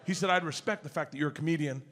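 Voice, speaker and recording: A man doing a stand-up comedy set, telling a story loudly and acting out the other people in it with shouted voices. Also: on the high side, racing, a little hiss or hum. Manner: loud, animated storytelling that jumps into shouted voices. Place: comedy club stage before an audience.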